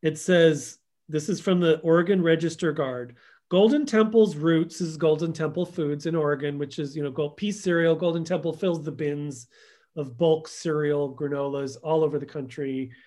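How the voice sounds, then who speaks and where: Brief: man, interview guest, higher-pitched voice, storytelling, acts out quotes. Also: moderate pace, a little mellow. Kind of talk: conversational podcast interview.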